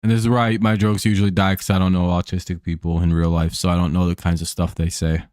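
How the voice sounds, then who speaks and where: A man with a lowish voice hosts a live stream, talking in a loose, rambling way between calls of balls and strikes. His voice sits dry and close to the mic. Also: little pitch movement, quick pace, darkish tone, no room sound. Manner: rambling and offhand, calling the count. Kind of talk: casual chat while watching a baseball game.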